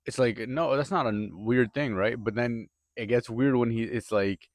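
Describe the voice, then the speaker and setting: A man's voice: medium pitch, normal speed, no room sound, studio quality. A young man rambling through a profane, casual monologue, full of filler words and restarts. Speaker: podcaster.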